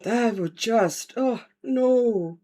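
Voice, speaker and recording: Woman streaming from home; chatty, rambling, answers her chat, voice sits a little high. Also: very slow, warm tone. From Estonia. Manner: rambling, chatty, answers viewer comments, many fillers. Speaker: livestream host, colouring artist. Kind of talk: casual livestream chat while colouring.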